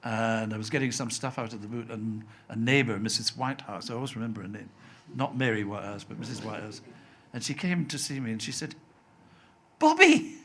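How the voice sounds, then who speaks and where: An older man from Scotland with a softened Scottish accent, a TV writer telling anecdotes as an interview guest and acting out the voices of people he quotes. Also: lowish voice, fast talker, few pauses. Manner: chatty storyteller, acts out quoted voices, laughs often.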